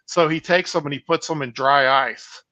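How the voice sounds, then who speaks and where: A man with a bright, forceful and fairly high voice tells lively behind-the-scenes stories over a video call. He swears freely and fills his talk with "uh" and "you know." The call audio is dry and a little muffled. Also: normal speed, dry recording. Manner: animated, swears freely, many fillers. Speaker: horror film director, guest. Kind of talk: casual anecdotal storytelling.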